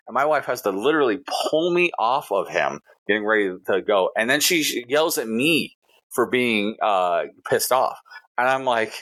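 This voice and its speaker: A man's voice: mid-range voice, lively intonation, moderate pace, a bit bright. A man co-hosting a casual podcast, telling a story in a heated, profane way. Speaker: podcast co-host.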